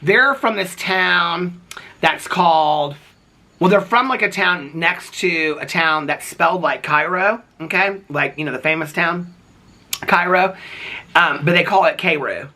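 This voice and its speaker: A chatty man dishes on reality TV in a sassy, gossipy rant. His voice sits a little high and sounds bright and sharp. He keeps checking in with the listener as he goes. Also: unhurried. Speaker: reality TV commentator. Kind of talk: casual gossipy commentary.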